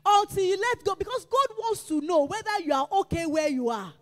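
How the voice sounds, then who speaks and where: A woman preacher delivering a sermon, emphatic and repetitive, rising to shouts. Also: very high-pitched, big pitch swings, fairly quick, big-room sound. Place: church.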